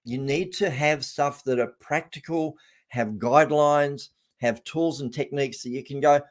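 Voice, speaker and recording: A man's voice: a little high, moderate pace. A man, a success coach, chatting as a guest in an online interview and telling stories. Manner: chatty, storytelling, repeats words.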